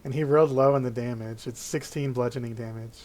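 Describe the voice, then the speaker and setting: A man with a mid-range voice runs a tabletop game. He explains rules and narrates enemy actions in a relaxed, conversational way. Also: medium pitch, brisk. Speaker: game master.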